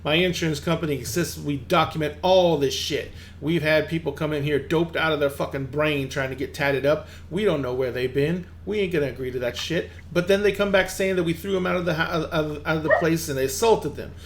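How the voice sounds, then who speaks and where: A man's voice: on the high side, brisk, hardly any pauses, slight background noise, natural voice. A man voicing a defensive, foul-mouthed male tattoo shop owner who swears freely. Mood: exasperated. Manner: swears freely, streetwise and exasperated.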